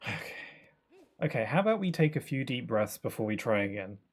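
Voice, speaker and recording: A man's voice: mid-range voice, big pitch swings, a little fast. A man giving live commentary while streaming a game, joking and griping in a mock-dramatic, self-mocking way. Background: game music.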